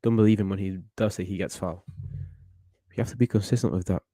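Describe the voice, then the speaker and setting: A man's voice: lowish voice, fairly even intonation, fast talker, mellow, dry recording. A man hosting a football watchalong, chatting casually and giving opinionated commentary on the match. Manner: chatty, opinionated, thinks aloud with restarts.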